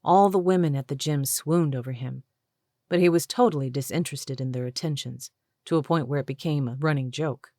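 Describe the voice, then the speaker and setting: A woman narrating a romance audiobook in a measured, even storytelling manner on a close mic. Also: low voice, no echo. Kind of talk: scripted narration.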